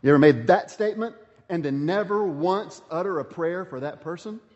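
A man's voice: high-pitched, lively intonation, moderate pace, big-room sound, highs cut off. A pastor giving a sermon, reading scripture aloud and stressing his points through repetition.

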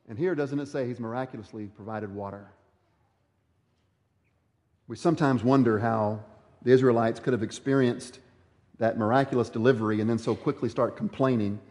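A man's voice: mid-range voice, steady tone, moderate pace, pauses often, a little mellow. A male pastor preaching an earnest sermon that is full of rhetorical questions. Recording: echoey hall.

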